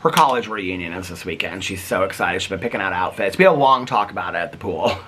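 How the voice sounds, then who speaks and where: A middle-aged man vlogging at home in casual chat, excitable and chatty, breaking off now and then to talk about animals in the yard. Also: low-pitched, fast, slight background noise.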